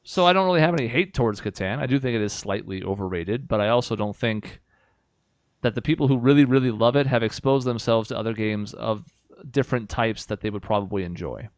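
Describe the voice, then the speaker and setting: A man's voice: on the low side, fast talker, dry recording. A young man co-hosting a podcast, making opinionated points in an articulate, mock-exasperated casual way. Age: young adult. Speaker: podcast co-host. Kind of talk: casual chat.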